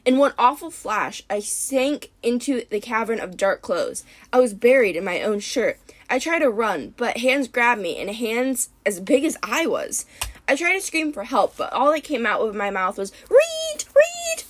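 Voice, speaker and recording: A woman narrating a story in the first person, expressive and dramatic. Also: on the high side, normal speed. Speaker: audiobook narrator.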